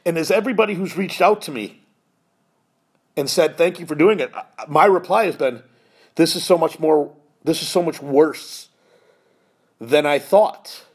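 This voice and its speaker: This fifty-something podcast host speaks at a moderate pace in a fairly high, slightly rough voice, pausing often. The personal story he tells is emotional, delivered earnestly and with heart, sometimes choking him up.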